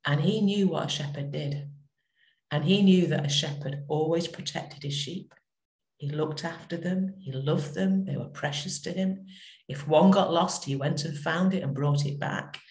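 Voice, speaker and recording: A middle-aged woman vicar giving a gentle, reflective talk that tells a story, with pauses. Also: deep voice, roomy sound. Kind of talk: short spoken reflection.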